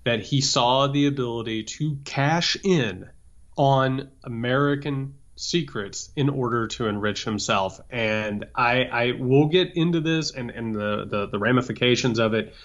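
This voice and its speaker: A man's voice: mid-range voice, measured pace, fairly bright tone, lo-fi sound. A man co-hosting a political podcast, ranting emphatically with stammered restarts. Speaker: podcast co-host. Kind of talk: political commentary chat.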